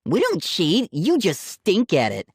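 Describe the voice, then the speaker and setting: A man's voice: high voice, wildly swooping pitch, unhurried, slightly rough, no echo, clean studio sound, voice pushed up, full character voice. A man doing a smirking bully boy, raised and drawn out. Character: big rude teenage boy cousin, mocking bully. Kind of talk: audiobook character voice.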